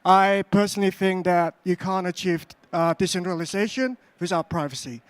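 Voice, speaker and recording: A man from Australia with an Australian accent giving a conference talk on stage, speaking slowly and carefully with frequent fillers. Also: sits high, smooth, dry recording. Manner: deliberately slow, careful delivery with frequent "uh" fillers.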